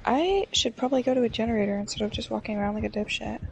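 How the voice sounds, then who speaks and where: A woman's voice: fairly high pitch, rapid-fire, gravelly, a little hiss or hum, low-quality recording. A young woman chatting casually while playing a game with a friend, laid-back and occasionally swearing. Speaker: co-player. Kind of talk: casual gaming chat.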